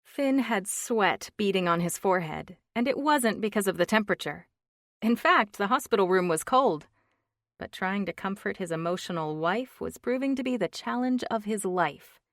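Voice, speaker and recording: A woman reads an audiobook aloud in an even, measured way. Her voice is medium-pitched, and the scripted narration has clean studio sound with no echo.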